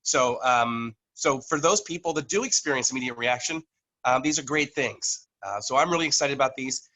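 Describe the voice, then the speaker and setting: A man presenting to his team on a video call, halting, with many fillers and restarts, coughing now and then from allergies. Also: medium pitch, sharp tone, poor audio. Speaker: network marketing leader presenting to a team. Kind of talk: online business meeting presentation. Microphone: computer microphone on a video call.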